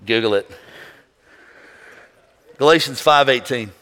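A man preaching a sermon as pastor, swinging between quiet passages and shouted calls for praise. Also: mid-range voice, slow. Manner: preaching with shouted call-and-response bursts and acted quotes. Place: church sanctuary. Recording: reverberant hall with congregation.

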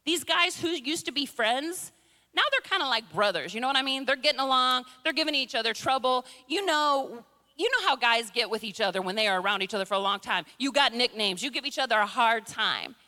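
Bright, high-voiced woman preaching. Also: animated, brisk. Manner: humorous, conversational, playful impressions. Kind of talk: sermon. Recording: long reverb in a large hall.

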